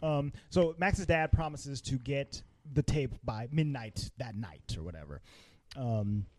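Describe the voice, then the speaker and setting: A man's voice: mid-range voice, animated, measured pace, dry recording. A man co-hosting a casual movie podcast, recapping the plot with frequent laughs and fillers. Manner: rambling recap, laughs often, many fillers. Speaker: podcast co-host.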